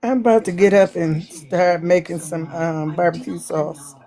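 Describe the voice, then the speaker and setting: Sex: woman. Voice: gravelly, mellow. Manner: relaxed. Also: fairly low pitch, measured pace. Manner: relaxed and friendly. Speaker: friend dropping by. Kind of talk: casual chat.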